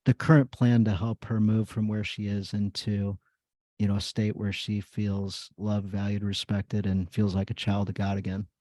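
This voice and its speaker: A man's voice: fairly low pitch, little pitch movement, normal speed, dark tone, no room sound. A man hosting a podcast, telling a personal story in casual chat, rambling with many fillers. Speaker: podcast host.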